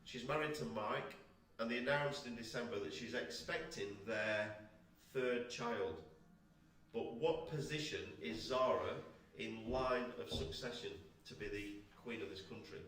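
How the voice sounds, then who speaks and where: A man who is a church pastor, talking casually and teasing as he hosts a quiz. His voice sits at an ordinary male pitch. It is captured from a distance in a strongly reverberant room. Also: unhurried. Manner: jokey, animated, teasing. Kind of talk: casual online church chat, hosting a quiz. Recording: echoey room, voice picked up from a distance.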